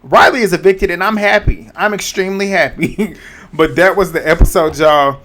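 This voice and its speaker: A man hosting a casual reality TV recap vlog, talking in slang with a lively, profane way of telling the story. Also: high-pitched, normal speed, a little hiss or hum. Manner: animated, profane, slangy storytelling with quoted reactions.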